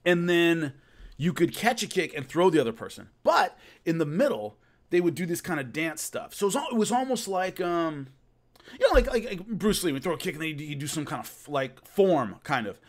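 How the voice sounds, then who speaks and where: A man casually telling a long rambling story about filming, with many restarts. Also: fairly high pitch. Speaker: host recalling filming a fight show.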